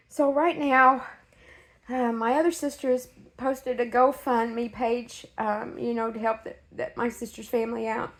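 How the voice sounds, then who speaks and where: Shaken, halting woman dog breeder. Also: on the high side, little pitch movement. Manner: halting, with many fillers and restarts. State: emotionally shaken. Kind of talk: casual direct-to-camera update.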